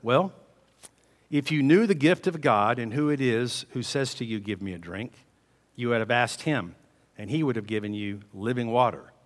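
Man doing a gentle low-voiced Jesus, soft and unhurried, long reverb. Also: expressive, close to an everyday voice. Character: calm, gentle Jesus speaking to a woman.

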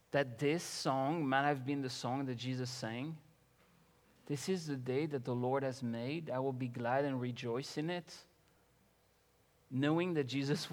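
A man preaching a sermon as pastor, reading scripture and building to loud, impassioned emphasis. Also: medium pitch, long reverb tail.

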